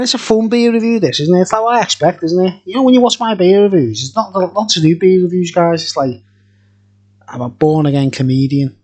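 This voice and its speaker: A man's voice: sits high, lively intonation, measured pace, long pauses, darkish tone. A middle-aged man reviewing beer in a tipsy, jokey, rambling vlog chat, laughing often.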